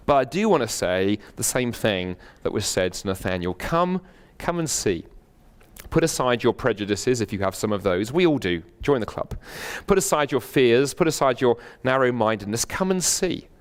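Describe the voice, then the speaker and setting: A British man giving a university lecture in a packed hall, earnest and animated, with frequent fillers and restarts. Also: mid-range voice, clean tone. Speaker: guest lecturer.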